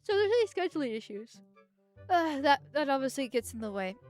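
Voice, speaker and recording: Playing games live as a vtuber, this woman rambles, keeps restarting her sentences, and then bursts into furious, profane rants at the game. Her voice sits high with big swings in pitch and a darkish tone, and faint music plays behind her.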